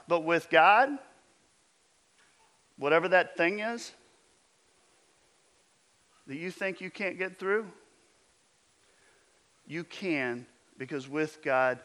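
A man preaching a sermon as pastor, emphatic, with his voice often dropping low and intense. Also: a bit bright, clear, resonant tone.

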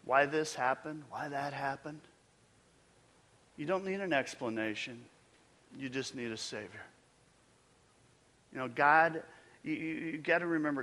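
A male pastor preaching a sermon with emphatic delivery, building to loud peaks and then dropping almost to a whisper. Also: on the high side, a little slow, pauses often, in a large hall.

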